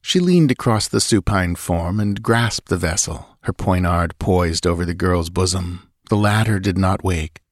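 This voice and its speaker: A man reading an adventure story aloud in a steady, measured narration. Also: deep voice, no echo, clean studio sound. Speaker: audiobook narrator. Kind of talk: scripted narration.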